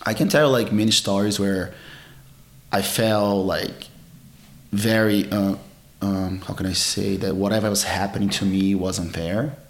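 Halting middle-aged man in a roomy space. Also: fairly low pitch, fairly even intonation. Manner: rambling, halting, many fillers and restarts. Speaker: jiu-jitsu champion guest. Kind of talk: casual storytelling interview.

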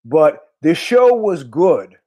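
A man's voice: a little high, slow pace. A man hosting a podcast in a casual, rambling monologue, swearing and trailing off in asides. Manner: rambling, profane, animated asides. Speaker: podcast host.

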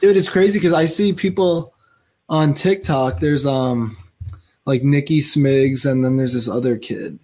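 A man's voice: mid-range voice, a little slow, a little mellow. A young man from the US East Coast with a laid-back, surfer-like drawl, chatting casually as a guest comedian. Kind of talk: casual podcast chat.

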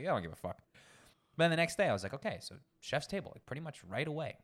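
A young man, a sommelier, telling work stories in a casual interview, animated and acting out the people he quotes. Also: mid-range voice, fast talker. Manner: animated, acts out quoted people, frequent swearing. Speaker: guest sommelier.

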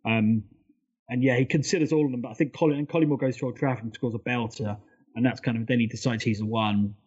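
A man co-hosting a casual football podcast, talking quickly and eagerly through detailed points. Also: mid-range voice, steady tone, darkish tone, husky, lo-fi sound. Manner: fast, enthusiastic, detailed storytelling. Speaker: podcast co-host.

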